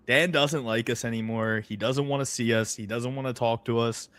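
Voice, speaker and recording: Man, podcast co-host, casual chat, mid-pitched, laughs often, swears freely. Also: moderate pace, few pauses. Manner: laughs a lot, profane, animated storytelling.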